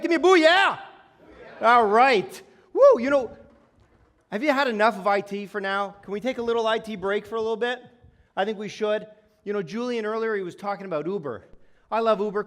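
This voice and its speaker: A man from Toronto giving a live, humorous keynote presentation on stage, telling stories and bantering energetically with the audience. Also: high-pitched. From Toronto, Canada. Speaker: keynote speaker.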